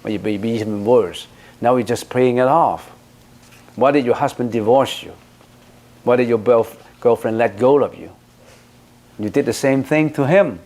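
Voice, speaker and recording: A man's voice: mid-range voice, moderate pace, pauses often, a little mellow. A man as a Buddhist teacher, giving an emphatic dharma talk that answers questions with rhetorical questions.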